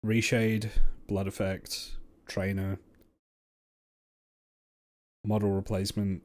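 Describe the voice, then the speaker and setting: A man's voice: lowish voice, little pitch movement, slow, darkish tone. A young man chatting casually and enthusiastically while streaming a game, rambling with loose asides and casual swearing. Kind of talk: casual gameplay chat.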